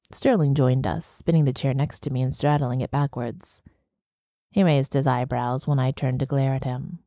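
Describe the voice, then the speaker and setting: Audiobook narrator, woman, very low and mellow, dry close read. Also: moderate pace, no echo. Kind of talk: scripted narration.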